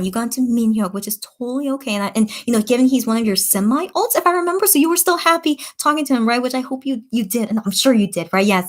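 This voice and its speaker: A young woman chats her way through a late-night livestream, reading out viewer comments and answering them one by one. Her voice sits a little high, and she talks in loose, casual runs full of fillers and self-corrections. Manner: chatty, lots of fillers and restarts. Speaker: livestream host reading chat. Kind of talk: casual chat.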